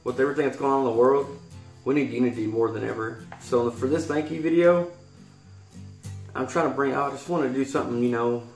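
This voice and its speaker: A Kentucky YouTuber in his thirties, speaking with a Southern accent, reads a poem and then talks earnestly in a heartfelt vlog, rambling and restarting sentences. His mid-range voice is steady and brisk, with roomy echo and faint guitar music behind him.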